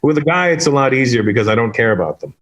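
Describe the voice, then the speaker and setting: A guest who is a stand-up comedian tells stories in casual conversation, animated and quick to jump into quoted voices. His medium-pitched voice is a bit bright, fast and lively in intonation.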